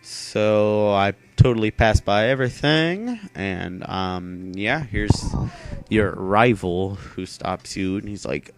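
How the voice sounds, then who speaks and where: A man's voice: on the low side, slow. A young man casually commentating his video game playthrough, rambling offhandedly with lots of "um" and "yeah". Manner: rambling, filler-heavy, offhand. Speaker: gaming channel host.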